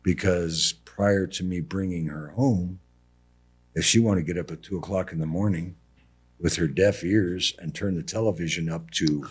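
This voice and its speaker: A middle-aged American man telling family stories as a podcast guest in a casual, animated way. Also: moderate pace, slightly rough. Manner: animated, mimics his mother in a high voice. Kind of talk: casual storytelling.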